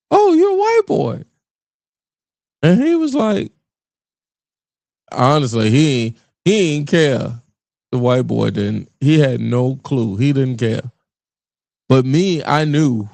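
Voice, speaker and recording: A man's voice: medium pitch, gravelly, no room sound. A middle-aged man from the Richmond, Virginia area hosting a podcast, ranting bluntly and profanely in a casual monologue. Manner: blunt, profane, animated rants with laughs. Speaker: podcast host.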